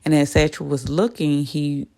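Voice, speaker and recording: A woman's voice: low-pitched, little pitch movement, normal speed, gravelly, mellow. A woman casually retelling a TV episode's plot in a chatty way, slipping into the characters' lines as she goes. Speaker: TV episode recapper.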